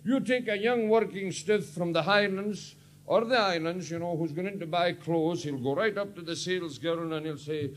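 A Scottish man doing stand-up comedy, mocking and rambling in an animated way. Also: high voice, normal speed, slight background noise.

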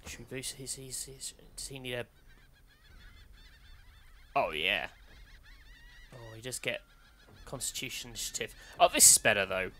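A man's voice: mid-range voice, moderate pace, pauses often, sharp tone, a little hiss or hum. A man co-hosting a let's play, chatting casually and joking with his co-host as he plays. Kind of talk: casual gameplay chat.

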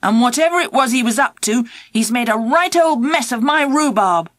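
A woman's voice: a little high, animated, moderate pace, no echo, studio quality, lightly acted. A woman voicing a cross, grumpy middle-aged father. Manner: cross, clipped.

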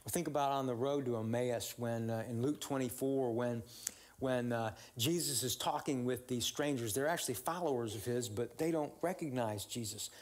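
A man's voice: medium pitch, moderate pace. A man giving a sermon in a conversational, storytelling way, with frequent fillers and restarts. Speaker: pastor.

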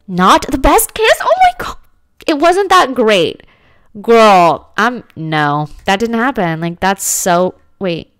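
A woman's voice: medium pitch, dry recording, clean studio sound. A woman giving casual, dramatic commentary as she plays a life-sim game, full of slangy exclamations. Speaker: gaming let's-play host.

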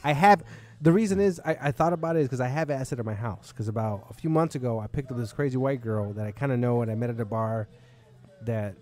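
A man's voice: medium pitch, quick pace, darkish tone. A man hosting a podcast in a bar, a comedian telling a long, rambling, profane story in casual chat.

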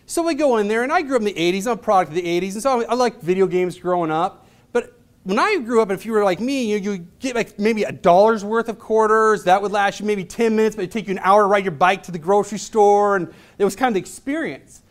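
High-voiced animated male storyteller. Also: quick pace. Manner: animated, acts out voices in his stories; casual, chatty delivery with fillers. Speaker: motivational speaker. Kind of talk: storytelling presentation.

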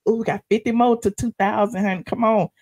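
A woman's voice: medium pitch, steady tone, fast, a little mellow, husky. A woman hosting a livestream, chatting sassily about gossip, laughing often and calling viewers honey. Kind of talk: casual gossip commentary to live viewers.

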